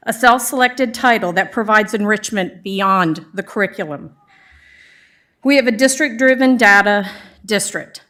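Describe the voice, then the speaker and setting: A woman's voice: fairly high pitch, a bit bright. Older woman, former librarian, public comment, earnest, a bit emotional, self-deprecating. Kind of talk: prepared public comment read aloud.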